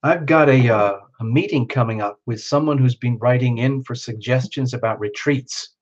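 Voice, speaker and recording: Male live-stream tarot host, casual and chatty, greets viewers by name, excitable; mid-pitched voice, muffled lo-fi sound. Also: normal speed. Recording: dull lo-fi stream audio.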